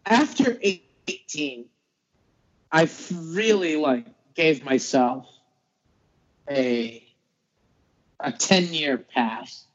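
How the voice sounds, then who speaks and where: A man's voice: fairly high pitch, expressive, drawn-out words, long pauses. A man from the Boston area, a podcast guest in casual sports chat, rambling and easygoing with restarts. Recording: dull lo-fi audio.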